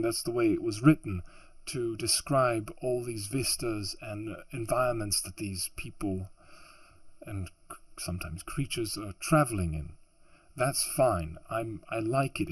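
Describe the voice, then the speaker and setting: With a mid-range voice and no echo, this hobby audiobook narrator rants in exasperation at home. His throat is sore and he's hot and sweaty, and he rambles off script with restarts and sighs into a laptop mic behind a makeshift pop filter.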